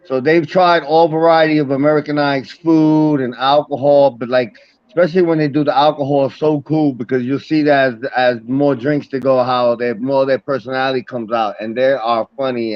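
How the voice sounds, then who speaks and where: A man's voice: mid-range voice, fairly even intonation, normal speed, clean tone, no room sound, muffled recording. A man joining a casual chat, enthusiastic and easygoing.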